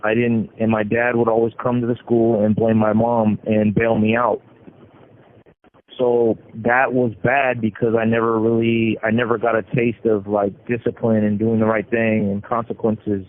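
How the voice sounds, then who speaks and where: Low, flat-voiced man on a tinny phone line. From California. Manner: halting, with frequent restarts and repeated words. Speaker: prison inmate telling his story. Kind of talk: personal story over a phone call. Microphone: prison telephone.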